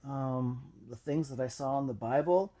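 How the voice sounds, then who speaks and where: A man at mid pitch telling his personal testimony. He speaks reflectively and haltingly, often pausing with fillers as he gathers his thoughts. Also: dark tone. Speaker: channel host.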